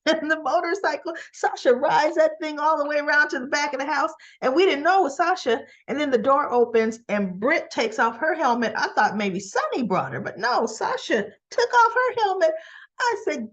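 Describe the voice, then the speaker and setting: Lively, animated woman recapping a soap. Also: sits high, normal speed, lo-fi sound. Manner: animated storyteller, acts out characters' lines; laughs often, teasing and incredulous. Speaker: soap opera review vlogger. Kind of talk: casual recap and commentary.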